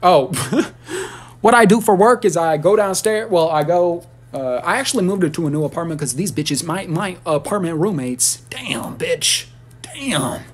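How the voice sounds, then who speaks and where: A man ranting on a casual livestream, rambling and profane, with sudden high squeals and shouts. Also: expressive, normal speed.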